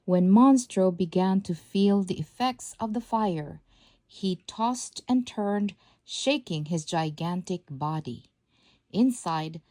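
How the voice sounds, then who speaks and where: A woman narrating a children's storybook aloud in a measured, expressive reading. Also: medium pitch, no room sound. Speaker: storybook reader.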